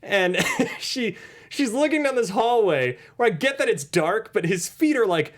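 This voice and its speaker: Man, podcast co-host, casual movie chat, animated, swearing, lively pitch. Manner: animated, swearing, quick asides.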